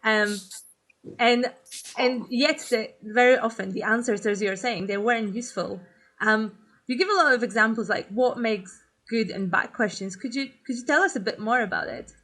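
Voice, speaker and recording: A woman's voice: on the high side, moderate pace, fairly bright tone. A woman hosting an interview, asking questions with frequent hesitations and restarts. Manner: hesitant, many fillers and restarts. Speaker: interview host. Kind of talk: casual interview.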